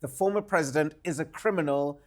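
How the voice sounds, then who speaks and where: A man with a slightly raised pitch reads viewer comments on a panel show. He stays good-humoured and laughs along when the others mock him. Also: a little fast. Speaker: panel guest, political commentator.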